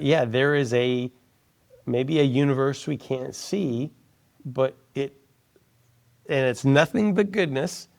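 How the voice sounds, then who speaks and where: Gravelly man telling a story. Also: mid-range voice. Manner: animated, quotes others in a soft hushed voice. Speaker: guest. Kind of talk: casual storytelling in an interview.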